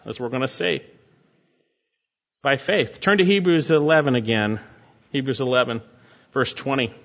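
A man's voice: fairly high pitch, fairly bright tone, muffled recording. A male pastor preaching a sermon, reading scripture and building to emphatic exhortations.

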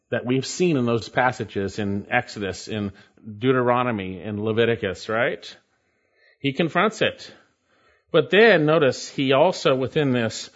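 A man's voice: medium pitch, fairly bright tone. A man preaching an expository Bible sermon in an emphatic way, repeating his key points for stress. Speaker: pastor. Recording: dull lo-fi recording.

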